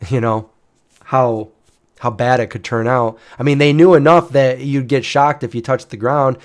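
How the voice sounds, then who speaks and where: Man telling a story, rambling. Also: mid-range voice. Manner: rambling, with frequent restarts and fillers. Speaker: channel host. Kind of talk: casual storytelling.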